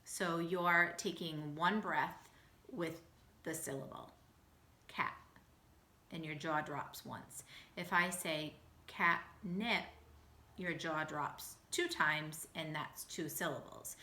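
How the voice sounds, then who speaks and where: Woman, phonics teacher, lowish voice, patient and unhurried, sounds out each word. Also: sharp tone. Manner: slow, patient, sounding out words. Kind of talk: phonics lesson for young children. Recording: echoey room.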